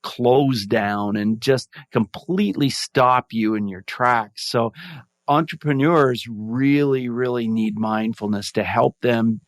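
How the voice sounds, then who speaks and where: A man's voice: medium pitch, takes it slowly, no room sound, clean studio sound. A middle-aged man, a podcast guest, telling a personal story in an earnest, reflective way. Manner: earnest, reflective, acts out quoted voices. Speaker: podcast guest, mindfulness advocate. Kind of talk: storytelling in an interview.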